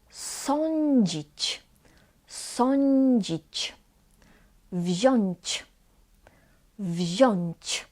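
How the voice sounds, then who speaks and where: Polish-accented female language teacher; deliberate, unhurried delivery, repeats every example word twice. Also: medium pitch, mellow. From Poland. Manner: slow, careful, repeats each word twice. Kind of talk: pronunciation lesson.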